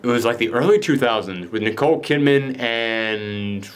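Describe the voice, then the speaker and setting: A man's voice: medium pitch, lively intonation, moderate pace, clear, resonant tone. A young man reviewing a film in casual spoiler chat, loose and profane, acting out lines as he retells the ending. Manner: loose, profane, acts out quotes.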